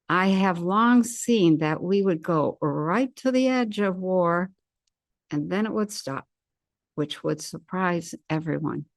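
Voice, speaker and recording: A woman giving a solo commentary as an intuitive commentator, measured and deliberate, with firm opinions. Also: mid-range voice, dry recording, studio quality.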